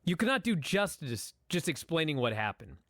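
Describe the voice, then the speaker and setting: Animated, profane man talking wrestling. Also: on the high side, normal speed, dry recording. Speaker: podcast co-host. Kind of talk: casual chat, wrestling review.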